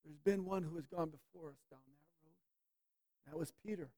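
An emphatic preacher delivering a sermon. The voice stretches key words out slowly and then pushes the listeners with pointed rhetorical questions. Its pitch sits in the middle of the usual range. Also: dark tone.

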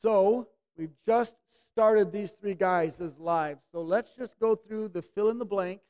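In this sermon, an emphatic preacher lingers slowly on key words, then challenges the congregation with sharp rhetorical questions. Pitched in the middle range, the voice sounds a little mellow, clear and resonant.

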